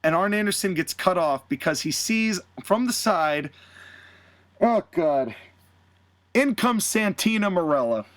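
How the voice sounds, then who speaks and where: A man hosting a podcast, telling a made-up story in an animated, rambling way. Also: high-pitched, a little slow, no echo. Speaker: podcast host. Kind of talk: fantasy-booking storytelling chat.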